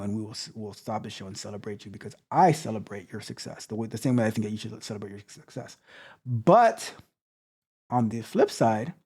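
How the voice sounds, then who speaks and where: Blunt man with a dark voice. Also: medium pitch. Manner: blunt, repetitive, stammering restarts. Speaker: tech coach. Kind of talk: motivational talk to stream viewers.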